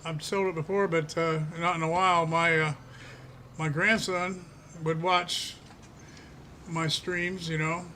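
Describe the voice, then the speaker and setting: A man's voice: on the high side, bright, forceful tone, a little hiss or hum. An older man chatting casually in a folksy way as he streams a farming game, chuckling often. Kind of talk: casual gameplay commentary.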